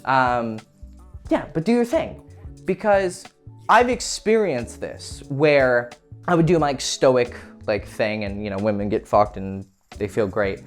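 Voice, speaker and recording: A man's voice: mid-range voice, animated, unhurried, soft background music. A man hosting a dating advice talk, speaking casually, frankly and explicitly. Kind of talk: casual monologue.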